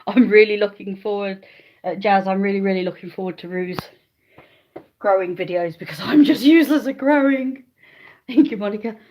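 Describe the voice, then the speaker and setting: A woman's voice: medium pitch, normal speed, a little mellow. A woman chatting casually on a live stream from her phone at home, easily sidetracked while she talks to viewers and calls her dogs. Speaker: livestreaming vlogger. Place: living room of a rented house, indoors. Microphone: handheld phone, then a phone stand.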